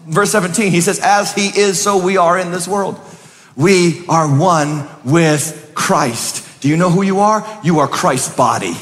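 Pastor, male, high-pitched, preaches in a long-echo church hall, booming then hushed. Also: a little slow. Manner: swings from booming to hushed, conversational asides. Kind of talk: sermon.

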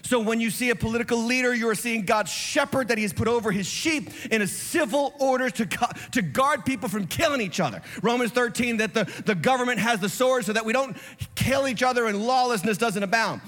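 A male pastor preaching an impassioned sermon, sometimes shouting. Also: very high-pitched, fairly quick, long reverb tail. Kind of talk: fiery sermon.

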